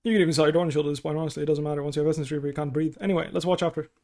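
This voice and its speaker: A young man coaching a player through a replay review, blunt and casual, his voice hoarse from hours of talking. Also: a little high, fairly even intonation, rapid-fire, mellow. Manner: blunt, casual, heavy swearing. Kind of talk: livestreamed gameplay review coaching.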